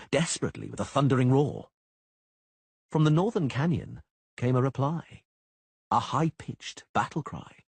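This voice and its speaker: Husky guy reading a fantasy audiobook, dramatic, swings all over, dry studio sound. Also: medium pitch, no room sound. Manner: dramatic, animated delivery. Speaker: audiobook narrator. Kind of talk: scripted fantasy audiobook narration.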